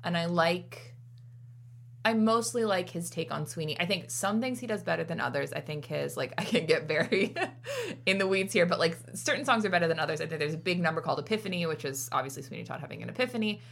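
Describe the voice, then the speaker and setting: A woman's voice: lowish voice, lively intonation, quick pace, creaky, a bit bright. A woman film critic chatting casually on a podcast, full of fillers. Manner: chatty, many fillers, laughs often.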